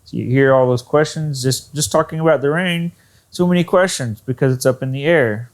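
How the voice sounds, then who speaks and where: A man's voice: medium pitch, brisk. A man teaching an English lesson, repeating words to show intonation. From Texas. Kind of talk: ESL lesson.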